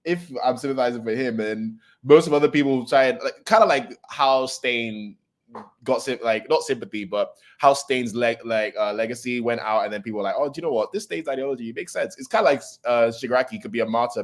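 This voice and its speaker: A man at an ordinary mid pitch reads manga dialogue aloud on a casual stream. He keeps breaking off with fillers, restarts and slangy comments. The delivery is loose and unpolished. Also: brisk. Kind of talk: casual reading and reacting to manga chapters.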